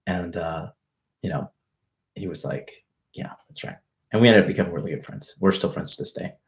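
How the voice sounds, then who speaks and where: A dating coach hosting a livestream talks fairly quickly in a low, creaky voice. He speaks right to his viewers, telling a story with relaxed swagger and plenty of cursing and brash slang.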